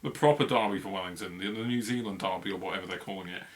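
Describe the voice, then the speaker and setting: A man's voice: low-pitched, rapid-fire, a little hiss or hum. A man co-hosting a football review podcast, chatting casually and rambling with lots of fillers and laughs. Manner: rambling, filler-heavy, laughs mid-sentence.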